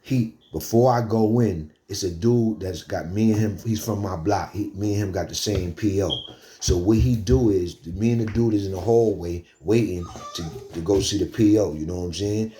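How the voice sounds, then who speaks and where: A young man from the Bronx telling a prison war story in animated street slang. His voice sits low and warm, and he keeps pulling the listener in with quick check-ins. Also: slight background noise. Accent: New York, Bronx. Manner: animated, slangy, fillers like "you heard?".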